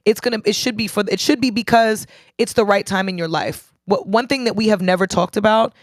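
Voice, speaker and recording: A woman's voice: mid-range voice, a little fast, no echo, clean studio sound. A woman co-hosting a podcast, talking earnestly and repeating words as she builds her point. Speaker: podcast co-host. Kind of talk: casual chat, earnest advice.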